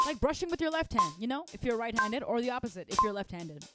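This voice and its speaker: A woman's voice: on the high side, sing-song, fast, over loud music. A woman teaching a live online drum lesson, upbeat and encouraging, counting beats aloud over her playing. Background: drumming.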